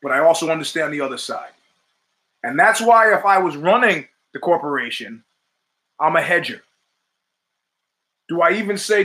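A middle-aged man holds forth as a podcast host in a forceful, bright-edged voice pitched a little above the usual male range. He talks in an emphatic, rhetorical way, firing off questions and repeating phrases to drive points home. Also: lively intonation, normal speed, long pauses. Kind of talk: opinionated monologue.

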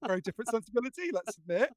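Male guest, fairly high voice, earnest storyteller, dry close mic. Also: racing, dry recording. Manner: earnest, animated storyteller with frequent restarts. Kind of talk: casual conversation.

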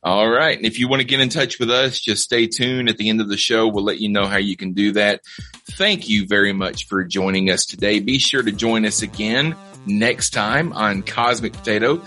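Bright-voiced Southern podcast host. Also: male voice, fairly low pitch, steady tone, moderate pace, soft background music. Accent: Southern American. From American South. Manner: laughs often, easygoing. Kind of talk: casual chat.

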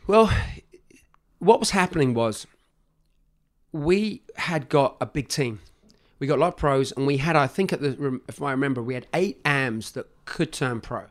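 An English man speaking as a guest on a podcast, telling stories in an animated way and acting out the voices of other people. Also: medium pitch, moderate pace. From England. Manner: animated, acts out quoted voices. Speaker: guest, skateboard company founder. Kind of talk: casual podcast storytelling.

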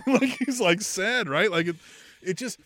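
A man co-hosting a podcast in casual chat, animated, swearing freely and acting out lines. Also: high voice, normal speed, no room sound, clean studio sound. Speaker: podcast co-host.

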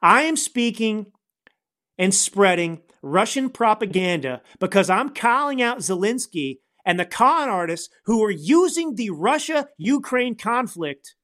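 A man's voice: sits high, very animated, measured pace, a bit bright. Ranting, sarcastic male podcast host. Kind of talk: angry political commentary.

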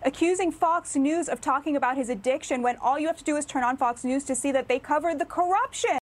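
High-voiced indignant woman TV guest. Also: fast. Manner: indignant, emphatic. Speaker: TV news guest. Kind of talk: TV news interview.

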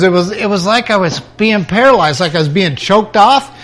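A man's voice: high-pitched, big pitch swings, moderate pace, fairly bright tone. An older man, a preacher, telling his personal testimony as a dramatic storyteller whose voice rises at the intense moments.

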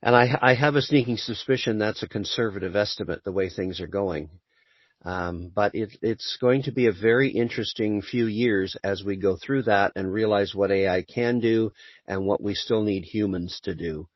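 A man who is a voice actor, a guest in a casual interview, speaking in an articulate, measured way. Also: on the low side, no room sound, dull audio.

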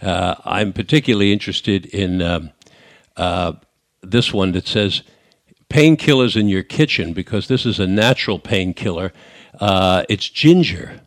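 An older man with a New York accent hosts a radio call-in show. He talks in a loose, conversational way, full of fillers and false starts. His voice sits on the low side and sounds dry and close to the mic. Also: animated, a little slow, dry recording. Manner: conversational, with many fillers and restarts. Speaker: radio talk show host. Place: radio studio.

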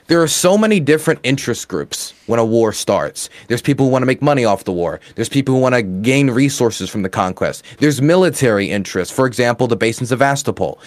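A man's voice: mid-range voice, lively intonation, brisk, few pauses, no echo. A man appearing as a journalist guest on a talk show, hesitant and full of fillers, then explaining at length.

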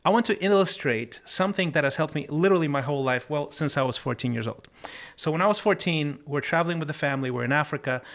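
On his motivational podcast, this man talks earnestly and thoughtfully about life lessons. His storytelling is relaxed, with phrases often restarted and a slower pace when he stresses what matters. His voice sits on the high side and is a bit bright.

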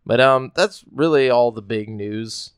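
A man's voice: medium pitch, a little slow, clear, resonant tone, dry recording, studio quality. A man hosting a casual gaming news podcast, reading out quotes and rambling loosely between them. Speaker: podcast host.

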